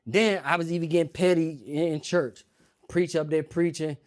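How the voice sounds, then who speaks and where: A man performing stand-up comedy on stage, telling a story in an animated way and talking straight to the audience as y'all. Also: on the high side, moderate pace.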